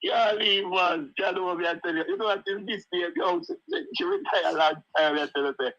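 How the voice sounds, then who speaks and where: A man's voice: high-pitched, animated, brisk, a bit bright, no echo, muffled recording. A middle-aged Jamaican man telling stories in casual chat, laughing often and saying "you know" at every turn.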